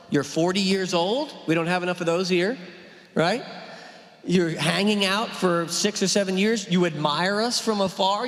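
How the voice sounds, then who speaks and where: A man's voice: sits high, animated, normal speed, a bit bright. A male pastor, talking through a sermon in a conversational way, full of rhetorical questions and "right?". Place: church hall. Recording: long hall reverb.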